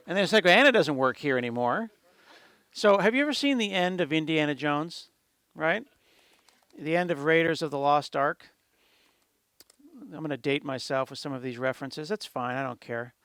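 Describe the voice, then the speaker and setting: A middle-aged man tells a lively, jokey story to an audience, slipping into quick impressions of the people he quotes. His voice sits a little high and comes through smooth and clear. The sound is dry and close. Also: dry recording. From United States. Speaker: conference speaker. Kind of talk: storytelling tech talk.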